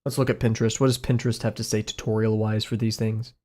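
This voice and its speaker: A man's voice: fairly low pitch, level tone, fast, darkish tone. A young man with a Southern US accent, thinking aloud in a casual live stream as he draws, rambling and self-deprecating and often chuckling. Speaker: art streamer.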